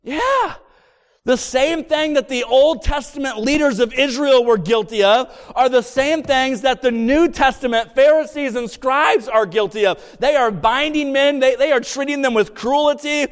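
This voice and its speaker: High-voiced man preaching in a reverberant church. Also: clean tone. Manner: preaching with rising emphasis, reading scripture slowly. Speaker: pastor. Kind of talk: sermon. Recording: long reverb of a church hall.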